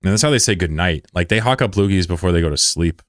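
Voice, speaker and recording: Deep-voiced sarcastic young man streaming. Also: expressive, fast talker, no echo, clean studio sound. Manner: joking, sarcastic, rambling. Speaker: game streamer. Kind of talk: casual livestream chat.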